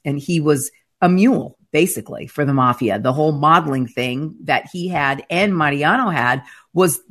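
A woman, the guest in an interview, retelling her experiences in an emphatic, dramatic conversational way, with frequent restarts. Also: low-pitched. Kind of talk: conversational storytelling.

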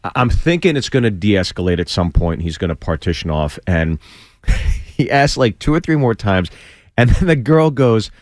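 A male comedian spins a story in a radio studio, his pitch jumping lively up and down as he acts out each person. The sound is close and dry, with no room around it. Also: moderate pace, no room sound. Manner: animated storyteller, acts out the voices. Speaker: guest comedian. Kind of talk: storytelling on a podcast. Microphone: studio microphone.

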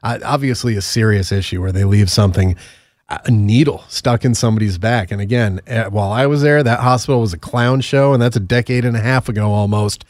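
A man co-hosts a podcast, chatting casually and spinning rambling, joking anecdotes. His voice is on the low side, fairly quick and a little mellow. The recording is dry, with clean studio sound.

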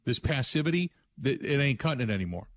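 A man's voice: medium pitch, expressive, fast, no room sound. A man hosting a sports talk radio show, giving an emphatic, rambling opinion monologue with frequent restarts. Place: radio studio.

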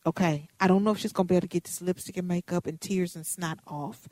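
A woman in her fifties, a radio host, telling a story in a lively, dramatic, playful way. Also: on the low side, quick pace, no echo. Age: 50s.

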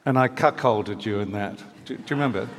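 A man's voice: lowish voice, a little fast, slight background noise. An older man from New Zealand, a guest author telling stories at a live book talk in a wry, hesitant way, with many fillers and restarts. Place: live event venue. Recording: reverberant hall.

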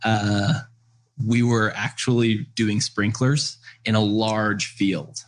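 A man's voice: on the low side, little pitch movement, takes it slowly. A man telling a story and explaining an idea in casual conversation, earnest, with many "uh"s and "right?"s. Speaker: guest speaker on parenting.

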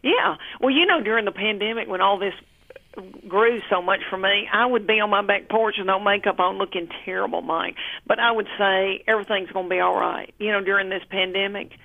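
A woman's voice: mid-range voice, fairly quick. Woman comic on a tinny phone line, chatty, calls everyone honey. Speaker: comedian guest. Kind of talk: casual phone interview. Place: at home, lounging.

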